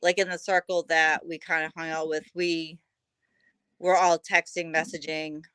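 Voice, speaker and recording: A woman's voice: low-pitched, level tone, measured pace, a bit bright, clean tone. A woman in a grief group who joins the casual chat with brief, sympathetic interjections.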